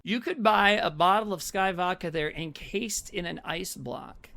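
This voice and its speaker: A man's voice: high-pitched, unhurried, gravelly, bright, forceful tone. A man co-hosting a podcast, recapping a horror movie in casual, swearing, rambling chat. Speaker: podcast co-host.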